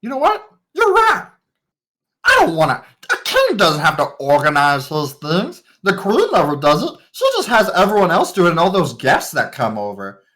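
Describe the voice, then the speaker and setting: A woman voicing a dim, boastful young male king who is fawning and childishly excited. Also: lowish voice, moderate pace, pitched above the performer's own voice. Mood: bossy.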